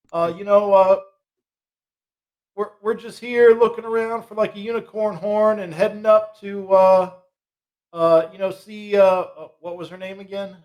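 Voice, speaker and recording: High-voiced, laid-back male gamer. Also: little pitch movement, measured pace, darkish tone. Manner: laid-back slangy talk. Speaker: player. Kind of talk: playing a satyr bard in a tabletop game.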